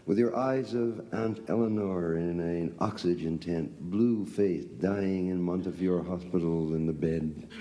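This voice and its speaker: A man's voice: on the low side, mellow. A man reading his poem aloud in an incantatory, chanting way, repeating line after line. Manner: incantatory, chanting repetitive lines. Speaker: poet. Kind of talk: poetry reading. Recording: long hall reverb.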